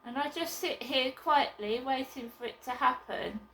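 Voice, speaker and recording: A woman vlogging from her flat, chatting casually and bluntly in a rambling way, with occasional swearing. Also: sits high, moderate pace, echoey room, slight background noise, low-quality recording. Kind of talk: casual chat to camera.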